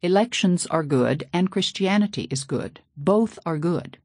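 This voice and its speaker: A woman voicing an American preacher man, a stern, red-faced figure who shouts with booming scorn. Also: big pitch swings, brisk, breathy edge, dry recording, clean studio sound, exaggerated voice. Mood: strained calm.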